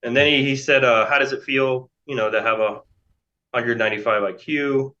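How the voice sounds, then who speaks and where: An American man in his forties speaks at a normal pace in a mid-range, steady voice with a sharp edge. As an interview guest, he tells a long, casual story that rambles with many fillers and restarts. The sound is dull and lo-fi.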